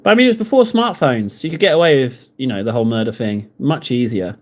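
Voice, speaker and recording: A man's voice: mid-range voice, animated, quick pace. Rambling, jokey man streaming his hobby. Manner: rambling, jokey, talks to viewers in chat. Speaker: miniature-painting live streamer. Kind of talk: casual live-stream chat while painting.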